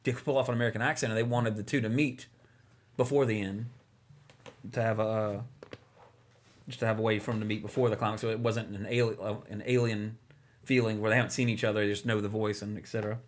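A man's voice: lowish voice, little pitch movement, fast. A man co-hosting a casual movie podcast, talking enthusiastically and rambling with lots of fillers. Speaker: podcast co-host.

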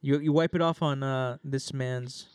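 A man's voice: mid-range voice, steady tone, measured pace, a little mellow, clear, resonant tone. A man narrating as game master in a casual tabletop session, laughing and lightly putting on voices.

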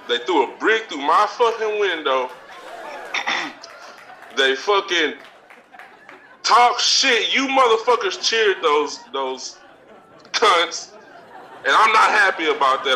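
A man's voice: a little high, pushed and bright, recorded from a distance, slight background noise, full character voice. A man playing a brash, profane talk-show persona who boasts, threatens and laughs between his lines. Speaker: podcast segment host in character.

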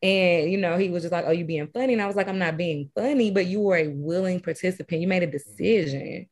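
A woman's voice: lowish voice, quick pace, a little mellow. A woman co-hosting a casual podcast, telling anecdotes and quoting herself and her friends. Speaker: podcast co-host. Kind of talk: casual chat, storytelling.

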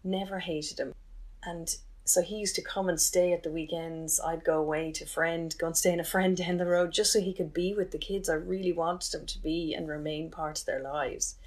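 A woman, recounting a painful chapter of her life in an interview with candid, halting restarts. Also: lowish voice, fairly even intonation, darkish tone. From Ireland. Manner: candid, halting, emotional retelling with many restarts. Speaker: interview guest. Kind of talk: personal storytelling.

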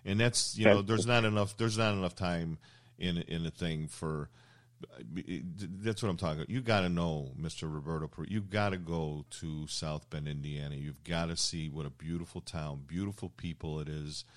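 A very deep-voiced older man hosts a relaxed chat show. He wanders through stories, pausing on ums and uhs, circling back to his point. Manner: rambling, anecdotal storyteller with many fillers. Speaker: show host. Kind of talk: casual interview chat.

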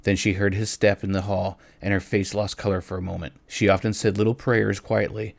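A man with a fairly low voice reads a story aloud, gentle and unhurried. At times he turns to his listeners directly. The sound is close and dry, with no room around it. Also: level tone, gravelly, no room sound. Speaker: reader. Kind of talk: storytelling narration.

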